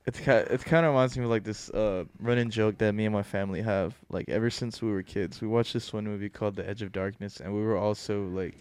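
A man co-hosting a podcast in relaxed casual chat, laughing easily and trailing off mid-sentence. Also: on the low side, fast talker, few pauses, clear, resonant tone, dry recording. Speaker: podcast co-host.

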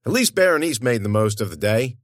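A man's voice: mid-range voice, big pitch swings, fairly quick, dry recording, clean studio sound. A man narrating an audiobook in a folksy, conversational storytelling manner.

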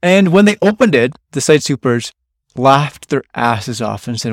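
Male podcast host, mid-pitched, lively storyteller, dry close mic. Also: unhurried, no room sound. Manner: animated storyteller, quotes coworkers in loud bursts. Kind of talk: storytelling monologue.

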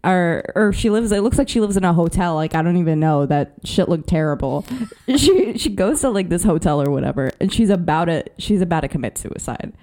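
Woman podcast co-host, lower-pitched, profane and animated storyteller, casual chat. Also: fairly quick. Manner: slangy, profane, laughing storyteller.

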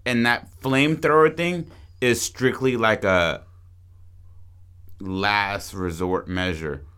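A man co-hosting a podcast, casually pitching a movie plot in profane, animated storytelling full of restarts. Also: takes it slowly, clear, resonant tone. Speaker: podcast co-host.

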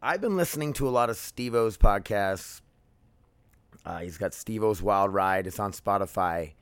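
A man's voice: on the low side, lively intonation, moderate pace, smooth, no room sound. A man in his thirties hosting his own podcast, talking casually and candidly, rambling with many fillers and restarts. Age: 30s. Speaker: podcast host. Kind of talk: casual solo podcast monologue.

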